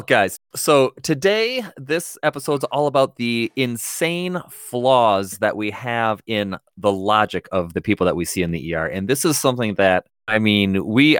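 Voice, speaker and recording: A man's voice: medium pitch, fairly bright tone, clean tone, no echo, studio quality. A man hosting a casual podcast with medical colleagues, joking and playful. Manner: jokey, playful, riffs on words. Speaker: podcast host.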